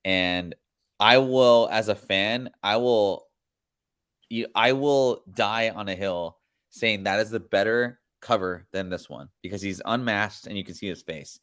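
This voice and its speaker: A man's voice: lowish voice, a little slow, a bit bright, clear, resonant tone. A man hosting a podcast, chatting casually in a rambling, slangy way. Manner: rambling, laid-back, slangy. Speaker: podcast host. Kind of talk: casual chat.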